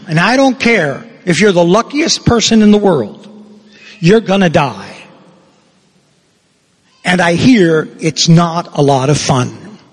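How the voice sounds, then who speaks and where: An older man, a parish priest, preaching a sermon slowly and deliberately, with emphatic pauses. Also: high-pitched, lively intonation. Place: church. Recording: long church reverb.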